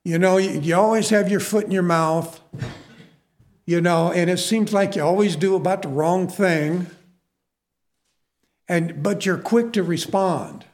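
A man's voice: high-pitched, measured pace, pauses often, darkish tone. A middle-aged man preaching a sermon in a conversational, self-deprecating way, full of asides to the listeners.

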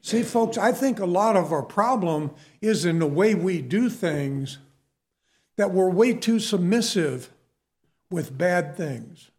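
High-voiced guy preaching, slow and earnest, keeps saying folks. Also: expressive, darkish tone. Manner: earnest, emphatic, keeps calling listeners "folks". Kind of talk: sermon.

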